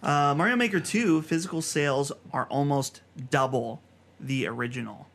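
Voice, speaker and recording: Gravelly-voiced male podcast host. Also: fairly high pitch, a bit bright. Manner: reads news items rapid fire, chatty. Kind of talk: casual chat.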